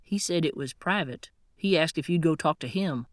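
A woman voicing a busy small-town cafe man with a hurried, folksy way of talking, close to her own low voice. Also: no echo, natural voice.

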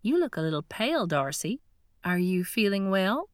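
A woman reader puts on a pushy, sharp-tongued character who speaks in curt, demanding bursts. This voice sits noticeably higher and brighter than her own, close to an everyday voice, with big pitch swings at a moderate pace. It's recorded dry and close, with no room sound.

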